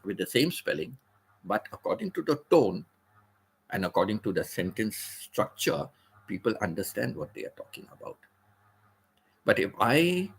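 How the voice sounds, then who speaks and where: A man hosting a casual livestream, explaining words patiently and repeating phrases, with the occasional throat clear. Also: lowish voice. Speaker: livestream host. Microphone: computer or phone mic, seated.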